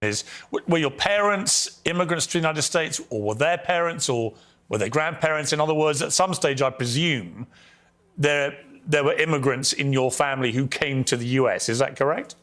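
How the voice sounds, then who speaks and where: A man's voice: a little high, moderate pace, a bit bright. A male interviewer asking probing, pointed questions.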